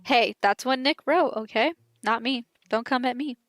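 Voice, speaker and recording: A woman in her twenties with a light Southern twang talks loosely and playfully to her live-stream audience. She laughs often, and her voice sits a little higher than most. Soft game music plays underneath. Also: normal speed, dry recording. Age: 20s. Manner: giggly, chatty, talks straight to chat. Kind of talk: casual live-stream chat.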